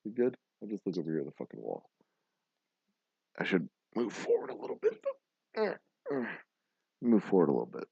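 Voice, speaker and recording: A man's voice: deep voice, wildly swooping pitch, a little fast, gravelly, long pauses, breathy edge, dry recording. Crude, rambling man on a lo-fi livestream. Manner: loud, crude, laughing, tipsy rants. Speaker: host of a drinking livestream show. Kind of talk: rambling profane livestream chat. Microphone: webcam livestream setup.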